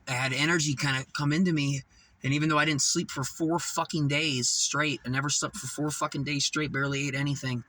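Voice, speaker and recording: A man's voice: a little high, bright, forceful tone, far from the mic, a little hiss or hum, poor audio. A man in a casual confessional monologue, rambling and profane, emphatic, with restarts and bursts of laughter.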